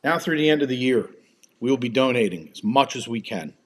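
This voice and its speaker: Hosting a livestream from home, a man with a mid-range voice rants angrily, fairly quickly and with animation. He swears and hits his words with heated emphasis.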